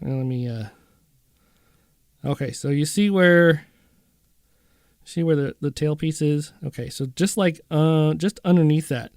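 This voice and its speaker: A man's voice: on the high side, measured pace, long pauses, a little mellow, dry recording, studio quality. A man hosting a casual guitar video, chatting and rambling to himself as he browses guitar listings. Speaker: guitar channel host.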